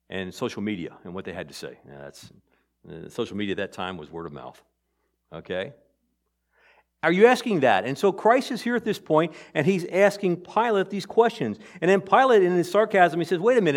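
A male pastor giving a Sunday sermon in a conversational style, swinging between raised emphasis and quiet asides. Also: medium pitch.

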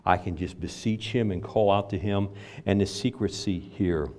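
An older man preaching a sermon in a conversational way, with loud stressed phrases and quiet asides. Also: sits low, normal speed. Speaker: pastor.

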